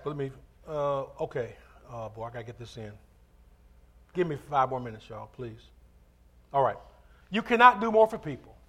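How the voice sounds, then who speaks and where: A man's voice: fairly high pitch, fairly bright tone. A male pastor preaching a sermon, calling for amens and telling casual stories between points. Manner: call-and-response preaching, asks for amens; conversational asides and storytelling.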